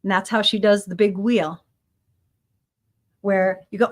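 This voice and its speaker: A woman's voice: medium pitch, little pitch movement, moderate pace, a bit bright. A middle-aged woman giving an informal spiritual lesson, talking earnestly and repeating phrases and affirmations for emphasis. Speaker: spiritual teacher.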